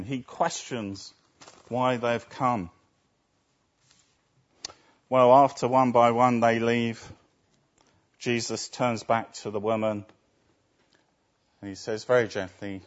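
Male preacher, deliberate sermon delivery, rhetorical questions, muffled lo-fi sound. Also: mid-range voice, steady tone. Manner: asks rhetorical tag questions. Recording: dull lo-fi recording.

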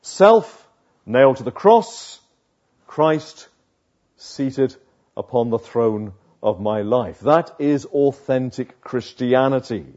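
Slow, emphatic male preacher. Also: medium pitch, lively intonation, a little mellow, muffled recording. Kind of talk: sermon.

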